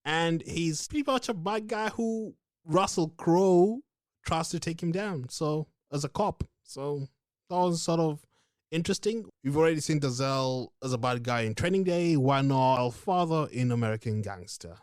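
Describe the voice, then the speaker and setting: A woman co-hosting a podcast in casual chat, laid-back and unhurried. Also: low voice, expressive, darkish tone, no room sound, clean studio sound. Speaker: podcast co-host.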